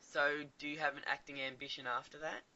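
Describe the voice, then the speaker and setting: Chatty guy interviewer, bright punchy voice, muffled lo-fi audio. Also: on the high side, flat delivery, a little fast. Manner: chatty, laughs along. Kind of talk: casual interview questions. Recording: dull lo-fi audio.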